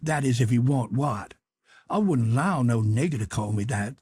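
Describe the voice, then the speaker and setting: A man's voice: medium pitch, animated, normal speed, a little mellow, breathy edge, no echo, studio quality. A man reading an audiobook, voicing a stubborn, folksy grown man who argues insistently in heavy dialect.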